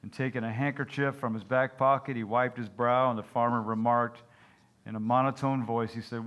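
A male pastor delivers a folksy sermon in a mid-pitched voice. He weaves jokes into his preaching and keeps checking in with the congregation with "Amen?" and "okay?". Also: fairly even intonation, normal speed, a bit bright.

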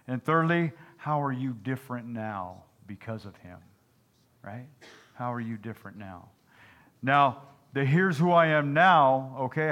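On a muffled recording, a male pastor with a mid-pitched, fairly bright voice preaches in a folksy style. Jokes are sprinkled throughout, and he regularly turns to the congregation with "Amen?" and "okay?"

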